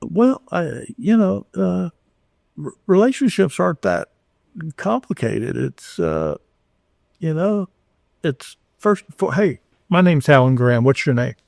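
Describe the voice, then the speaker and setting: A man's voice: fairly high pitch, wildly swooping pitch, unhurried, vocal fry, a little mellow, dry recording, clean studio sound. An older man from Houston, Texas, talking earnestly as a podcast guest, with frequent restarts and acted-out dialogue. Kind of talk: conversational storytelling.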